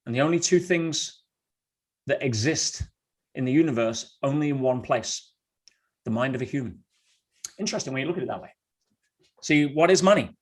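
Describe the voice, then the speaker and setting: A man's voice: medium pitch, lively intonation, moderate pace, long pauses. Middle-aged man, motivational speaker; blunt, storytelling delivery to a live online audience. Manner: blunt, storytelling, addresses listeners as guys.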